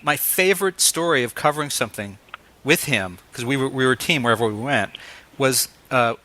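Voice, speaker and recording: A man in his fifties hosting an interview, telling stories in a casual, animated way and acting out the voices he quotes. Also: medium pitch, fairly quick. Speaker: interviewer host.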